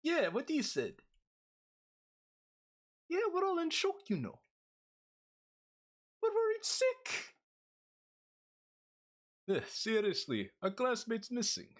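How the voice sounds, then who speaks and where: A man voicing an anxious teenage classmate in a high, excitable voice, reading a visual novel aloud. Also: slow pace, pauses often, exaggerated voice. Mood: worried. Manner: high-pitched, excitable chatter.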